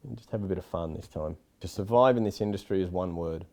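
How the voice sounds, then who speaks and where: A man's voice: sits low, fast talker, a little mellow. An Australian man, a film director, giving frank, rambling interview answers with many asides. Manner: rambling, frank, lots of "you know".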